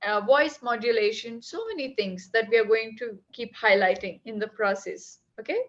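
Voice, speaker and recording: High-voiced tutor. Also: female voice, moderate pace, lo-fi sound. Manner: encouraging, checks in with "right?" and "okay?". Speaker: English tutor. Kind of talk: online tutoring session.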